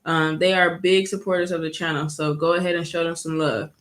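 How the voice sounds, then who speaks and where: A woman's voice: on the low side, flat delivery, brisk. A woman vlogger telling a story in a casual, chatty way, full of "like" and "you know". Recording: echoey room.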